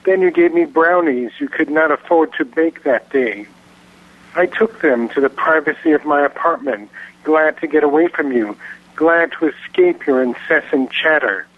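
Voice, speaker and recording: A man with a slightly raised voice reads his poems slowly and carefully. He comes through a thin, tinny telephone line. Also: fairly high pitch, no echo. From Virginia, US. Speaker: poet and guest caller. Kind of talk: poetry reading.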